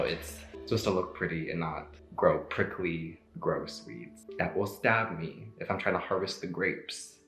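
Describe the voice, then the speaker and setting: Young man, very low voice, rambling casual vlog chat, echoey room, faint music behind. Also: fairly bright tone. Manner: rambling, lots of "like" fillers. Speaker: vlogger.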